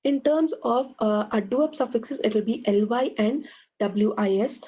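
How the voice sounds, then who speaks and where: A woman's voice: a little high, unhurried, mellow, breathy edge, lo-fi sound. A woman teacher giving an online exam-prep lecture, running through lists of examples and checking in with a frequent "okay".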